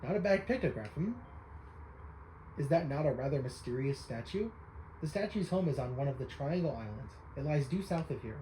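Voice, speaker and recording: A man reads as an eccentric old photography devotee from a game, speaking in stiff, courtly phrases and calling his listener young sir. The voice stays mellow and dark. A faint hiss lies behind it. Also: mid-range voice, animated, a little fast, reverberant, close to an everyday voice, rough recording. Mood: solemn. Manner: old-fashioned formal speech, addresses listener as young sir. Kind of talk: reading game dialogue aloud.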